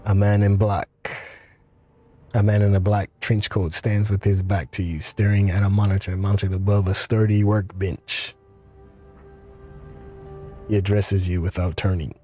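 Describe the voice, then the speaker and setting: A man reading a video game's text aloud, slowly and with some stumbles. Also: on the low side, little pitch movement, mellow, faint music behind. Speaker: game reader.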